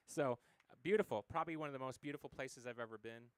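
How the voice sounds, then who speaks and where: American guy in his 40s rambling thru stories, lots of ums, fast and smooth, dry mic. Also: medium pitch, no echo. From United States. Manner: rambling storyteller, many fillers and acted quotes. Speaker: interview guest, musician. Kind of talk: casual interview conversation.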